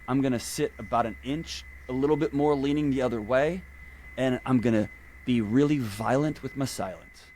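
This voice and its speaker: A man, a podcast guest, talking in a casual conversation and telling animated stories. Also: medium pitch, moderate pace, slight background noise. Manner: animated storyteller.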